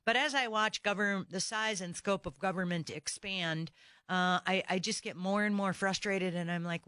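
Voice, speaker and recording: A woman's voice: mid-range voice, normal speed, a bit bright, no room sound. Fired-up woman talk radio host. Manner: indignant, fired-up rhetorical questions. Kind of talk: opinionated talk radio monologue. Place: radio studio. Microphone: studio microphone.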